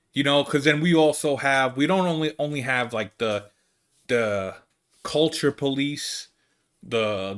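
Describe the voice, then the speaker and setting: An American comedian and podcast host with a Brooklyn accent, his voice mid-range and slightly bright. He rambles through a casual comedy monologue, sounding exasperated and restarting often.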